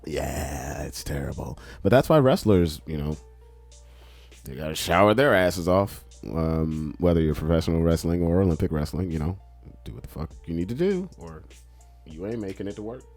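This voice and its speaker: Low-voiced man telling a profane story. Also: expressive, normal speed, creaky, a little mellow, faint music behind. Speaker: podcast co-host. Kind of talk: casual chat.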